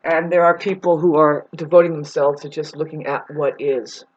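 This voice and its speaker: A woman's voice: deep voice, fairly even intonation, moderate pace, background noise. Rambling woman vlogger, lo-fi sound. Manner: rambling, swears, calls listeners "babes". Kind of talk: casual rambling monologue. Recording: dull lo-fi recording.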